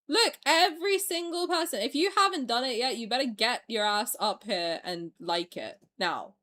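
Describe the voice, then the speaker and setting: A woman's voice: fairly high pitch, fairly bright tone. A young woman streamer ranting in a heated, profane, exasperated way during a casual reaction video.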